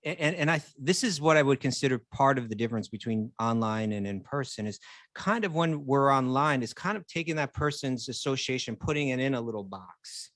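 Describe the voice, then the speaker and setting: A man's voice: mid-range voice, animated, a little fast, a bit bright, no room sound. A man in a casual spiritual conversation who talks earnestly and explains his ideas with care. His voice sits in the middle range and is recorded close and dry. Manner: earnest, explanatory, builds points step by step. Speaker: co-host.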